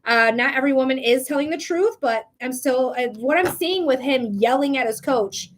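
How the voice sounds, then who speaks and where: A woman's voice: high-pitched, animated, normal speed. A woman hosting a live psychic reading stream, chatting casually in a blunt, profane way with frequent laughs. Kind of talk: casual livestream chat.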